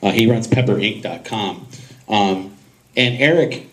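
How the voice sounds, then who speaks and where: A man's voice: fairly low pitch, unhurried, poor audio. A man on a podcasting panel telling a casual story to the audience, acting out the voices of people in it and laughing often. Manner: animated, acts out voices in his anecdotes, laughs often. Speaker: podcast host on a convention panel.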